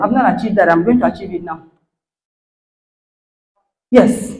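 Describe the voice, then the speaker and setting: A middle-aged woman with a Nigerian accent, giving an animated motivational talk that acts out quoted dialogue and checks in with her listeners. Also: mid-range voice, unhurried, roomy sound, poor audio. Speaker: guest speaker, lecturer.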